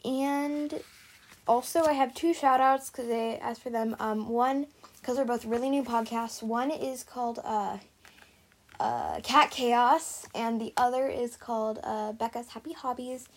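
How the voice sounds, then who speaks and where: A woman's voice: fairly high pitch, steady tone, unhurried. Chatty woman reading her own story. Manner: chatty, scattered, many fillers and restarts. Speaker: podcast host reading her fan fiction. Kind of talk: casual chat and reading aloud.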